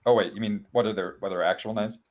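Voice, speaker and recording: Low-voiced hesitant male player. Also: fairly even intonation, fast. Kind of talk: tabletop role-play chat.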